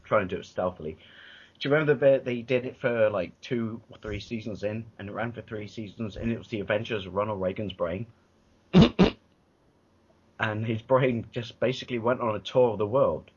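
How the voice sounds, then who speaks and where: An English man co-hosting a casual podcast chat, telling rambling animated stories with lots of restarts and swearing. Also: on the low side, normal speed, slightly rough. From England. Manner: rambling, animated storytelling with many restarts and profanity. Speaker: podcast co-host. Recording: dull lo-fi podcast audio.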